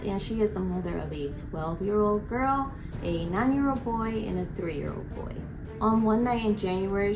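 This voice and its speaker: A woman's voice: mid-range voice, poor audio. A woman narrating a crime story in a casual, chatty way, with a slight lisp from her aligners. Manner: chatty, explains as she goes. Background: music.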